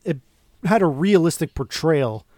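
A man co-hosting a podcast, recapping film scenes in an animated, casual way with lots of restarts. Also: fairly high pitch, measured pace, no echo. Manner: animated, retells scenes with quoted lines and restarts. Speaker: podcast co-host. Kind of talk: casual movie review chat.

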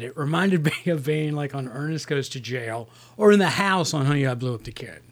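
A man's voice: on the high side, moderate pace, vocal fry, few pauses. A man co-hosting a casual movie review podcast, telling rambling, self-interrupting stories and stating firm opinions.

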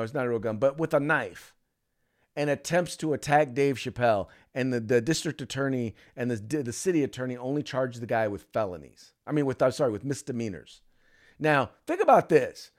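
A man co-hosting a talk podcast, chatting casually. His pitch swings widely as he tells stories and jokes with the others. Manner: joking, animated storytelling. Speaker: podcast co-host. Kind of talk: casual chat.

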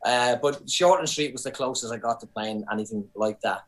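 A man's voice: mid-range voice, fairly quick, low-quality recording. An Irish man of middle age talks in a casual podcast chat, voice in a medium range. He tells his stories with animation, building up energy as he goes. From Ireland. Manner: storytelling, animated. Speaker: podcast guest, comedian.

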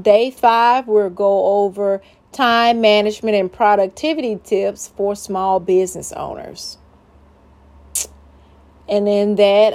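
A woman's voice: medium pitch, a little mellow. A woman hosting a small business video series, talking casually and loosely, often restarting and correcting herself. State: has the hiccups. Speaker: small business podcast host. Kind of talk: casual solo video talk.

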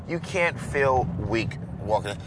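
A man's voice: mid-range voice, unhurried. A man chatting casually to his viewers, telling a story and acting out the voices of the people in it. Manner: storytelling, acts out quoted voices, animated. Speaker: vlogger. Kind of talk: casual chat to camera. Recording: loud traffic noise outdoors.

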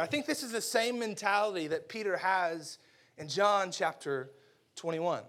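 A man in his twenties preaching a sermon, telling a funny personal story with animated, exaggerated outbursts. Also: high-pitched, normal speed. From United States. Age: 20s.

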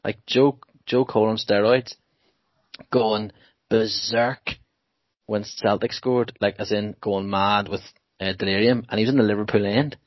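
A young man with a lowish voice tells stories with animated energy and frequent laughter. The recording is dry and a little muffled, like a basic podcast mic. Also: unhurried, dry recording. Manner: animated storyteller, laughs often. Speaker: podcast co-host. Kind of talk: casual chat.

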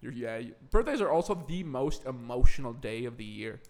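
A man's voice: mid-range voice, very animated, brisk, darkish tone. A man co-hosting a casual comedy podcast, laid-back and rambling, recorded on a phone. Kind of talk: casual chat.

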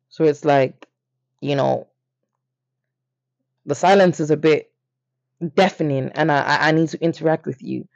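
A young man, casually telling a story on his podcast, animated and playful, jumping up in pitch for emphasis. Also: measured pace, creaky, long pauses, no echo. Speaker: podcast host. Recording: dry, slightly dull lo-fi.

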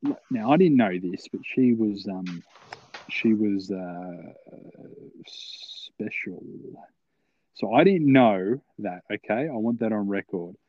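A man's voice: fairly low pitch, animated, slow pace, lo-fi sound. Rambling, swearing young man. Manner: rambling, profane, filler-heavy. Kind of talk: casual storytelling.

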